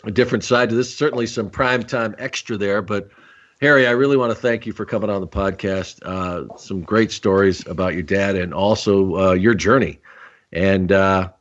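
A man's voice: lowish voice, normal speed. A man hosting a podcast, wrapping up an interview in a hesitant way with many fillers. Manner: hesitant, lots of uh. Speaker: podcast host. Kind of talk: casual interview. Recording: muffled lo-fi audio.

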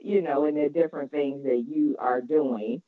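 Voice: medium pitch, normal speed, dry recording. Encouraging podcast host on a tinny line. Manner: encouraging, agreeable, repeats phrases. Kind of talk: podcast interview, casual. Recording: dry, phone-like narrow sound.

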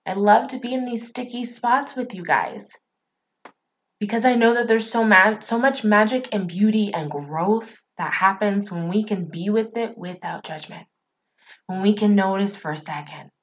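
A woman's voice: mid-range voice, moderate pace, lo-fi sound. A woman hosting a motivational podcast as a coach. She talks straight to her listeners and repeats phrases for emphasis. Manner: warm, encouraging, speaks to listeners directly.

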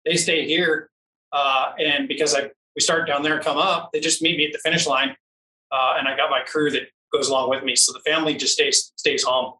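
A man telling a long personal story in a casual interview, animated and laughing often. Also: a little high, a little fast, roomy sound, distant mic, low-quality recording. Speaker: interview guest, off-road racer.

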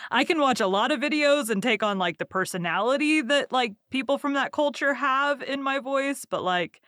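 A woman's voice: sits high, lively intonation, moderate pace, fairly bright tone, no room sound, clean studio sound. A woman from Texas, a podcast host and audiobook narrator, talking in a casual, chatty way with lots of fillers and frequent laughter. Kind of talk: casual conversational interview.

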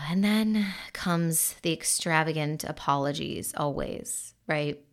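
A woman's voice: low voice, slow pace. A woman commenting casually on relationships, chatty, with lots of "like" and "you know".

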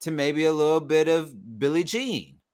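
A young adult man co-hosting a casual sports podcast, teasing and animated, often cutting in. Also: fairly high pitch. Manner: teasing, animated, quick to interrupt. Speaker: podcast co-host.

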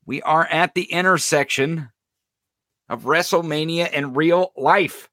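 Animated, bright-voiced podcast ranter. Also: male voice, a little high, moderate pace, no room sound, studio quality. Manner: animated, profane ranting with laughs and sarcasm. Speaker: podcast host. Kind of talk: live-streamed political commentary.

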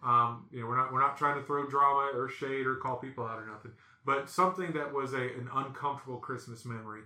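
Guy in his 30s hosting a chatty podcast, bright and animated, echoey room. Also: mid-range voice, fast talker. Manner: animated, acts out quotes with lively voices. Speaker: podcast host. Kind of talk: casual storytelling chat.

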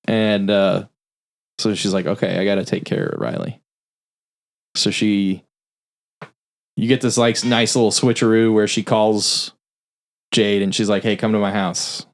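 On a podcast, a male host with a lowish, steady voice and vocal fry walks through a film's story in casual review chat. The recap is loose and profane: he swears a lot and briefly acts out what the characters say.

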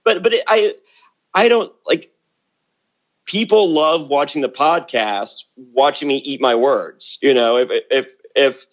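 A middle-aged man chatting as a podcast guest, blunt and boastful, often repeating words as he starts a thought. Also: medium pitch. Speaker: podcast guest, former reality show contestant. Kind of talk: casual interview chat.

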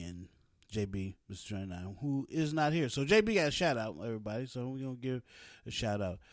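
A man's voice: on the low side, fairly bright tone, dry recording, studio quality. A man hosting a podcast alone, talking in a playful, jokey, slangy way. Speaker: podcast host. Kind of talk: casual solo podcast chat.

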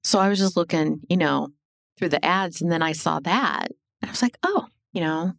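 A middle-aged woman telling her life story as a podcast guest, animated and blunt, swearing and acting out what people said. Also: fairly low pitch, normal speed, vocal fry, dry recording, clean studio sound. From Illinois. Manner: animated, swearing, acts out quoted dialogue. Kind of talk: casual storytelling interview.

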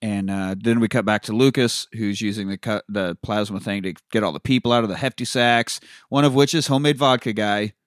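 A man's voice: fairly low pitch, fairly quick, no echo, studio quality. A man co-hosting a podcast, recapping a movie in casual, profane chat and acting out the characters' lines. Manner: profane, animated retelling with quoted voices. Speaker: podcast co-host.

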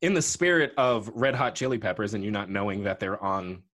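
A man co-hosting a podcast in casual chat, telling lively stories and acting out the quotes. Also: fairly low pitch, fairly quick. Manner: animated storyteller, acts out quotes. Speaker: podcast co-host.

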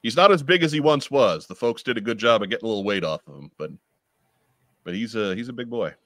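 A man co-hosting a casual livestream, reading out viewer comments with halting restarts. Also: on the low side, lively intonation, fairly bright tone, no room sound. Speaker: podcast co-host.

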